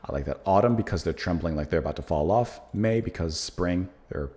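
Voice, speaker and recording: A man's voice: deep voice, expressive, normal speed, a little mellow. An American man hosting a music reaction channel, musing aloud in casual talk with plenty of fillers as he reviews a song.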